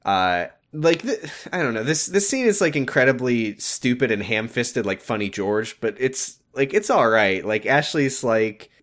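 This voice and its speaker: A man's voice: mid-range voice, expressive, a little slow, hardly any pauses, fairly bright tone. Sarcastic rambling male podcast co-host. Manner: rambling, sarcastic, full of fillers. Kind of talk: casual recap chat.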